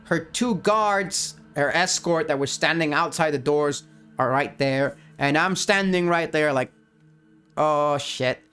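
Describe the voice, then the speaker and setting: A man plays through a solo tabletop role-playing game, reading rules and narrating events as they unfold. He reacts excitably to the dice, with a slightly high voice and a slow pace. Faint music runs in the background. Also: clear, resonant tone. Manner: excitable, laughs at dice results.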